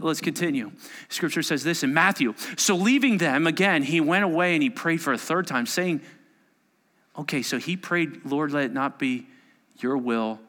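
A man preaching a sermon and reading scripture aloud, swinging between hushed asides and loud exclamations. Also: mid-range voice. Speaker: pastor. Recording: long hall reverb.

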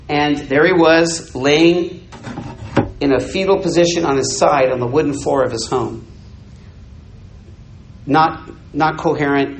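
A man's voice: fairly high pitch, reverberant, slight background noise, rough recording. An older man, a missionary preaching a sermon, telling a story and acting out the dialogue for his congregation. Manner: animated, acts out dialogue, jokes with audience.

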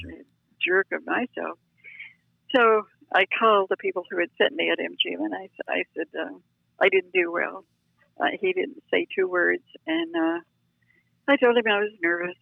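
A woman's voice: fairly low pitch, moderate pace, vocal fry, dry recording. Chatty older woman over a phone line. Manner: chatty, self-deprecating, animated. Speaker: guest storyteller. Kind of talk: anecdotal storytelling.

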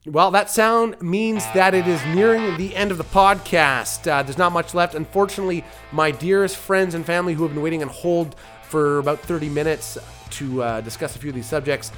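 A man's voice: fairly high pitch, brisk, fairly bright tone, faint music behind. A man from Canada hosting his own comedy podcast alone, rambling through jokey digressions and interrupting himself. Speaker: podcast host and producer.

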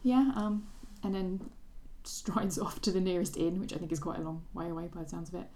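A woman's voice: lowish voice, steady tone, fairly quick, dark tone. A woman co-hosting a casual book podcast, chatty and enthusiastic, laughing often. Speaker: podcast co-host.

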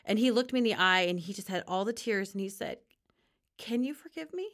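A woman's voice: mid-range voice, fast, a bit bright. A woman guest on a faith talk show telling her personal testimony in an earnest, conversational way, often laughing and acting out quoted dialogue.

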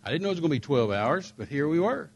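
An older man telling a story in a sermon, emphatic and rising to forceful peaks. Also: fairly high pitch, sing-song, fast talker, dull audio, a little hiss or hum. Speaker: preacher.

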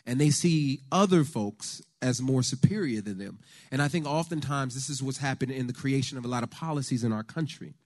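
Man, from the US, faith-based talk, storytelling, speaks to a live audience, middle pitch. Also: a little fast. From United States. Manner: animated storyteller, conversational with the audience. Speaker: speaker at a church lunch talk.

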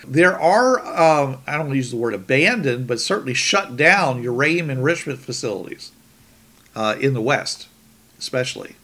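A man's voice: mid-range voice, animated, moderate pace, bright, forceful tone. A man hosting a podcast in casual chat, rambling with many restarts. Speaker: podcast host.

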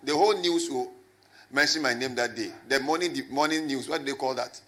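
A man preaching a lively sermon as a pastor, swinging from loud shouts to low asides and calling on the congregation to answer. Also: brisk. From Ghana. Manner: animated, rising to shouts and dropping low, with call and response.

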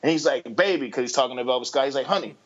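A man co-hosting a casual podcast, rambling through thank-yous and a long anecdote. He acts out the other people's lines as he goes. The recording sounds a little dull and lo-fi, and his pitch sits in the middle for a man. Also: racing. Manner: rambling, animated anecdote with acted-out quotes. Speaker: podcast co-host.

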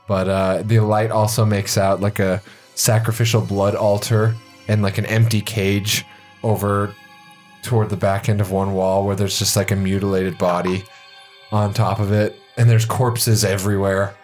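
A man's voice: lowish voice, level tone, moderate pace, a little mellow, faint music behind. A man narrating as game master in a tabletop role-play, describing scenes loosely with many fillers and restarts.

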